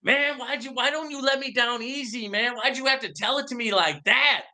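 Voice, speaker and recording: Man doing a high, whiny, upset cat owner, bright sharp tone, wailing complaints. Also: normal speed. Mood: whining. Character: distraught man wailing over his dead cat.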